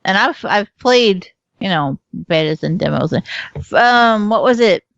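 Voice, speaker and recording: A woman's voice: medium pitch, a little slow, creaky, dry recording. Giggly woman podcaster on a dull mic. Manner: giggly, excitable. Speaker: podcast co-host. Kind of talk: casual podcast chat.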